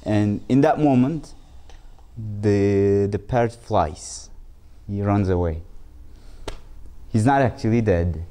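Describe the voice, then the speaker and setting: A man whose first language is Turkish, telling a fable as an instructor in a lesson, halting and restarting his phrases often. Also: lowish voice, warm tone. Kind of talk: storytelling lesson.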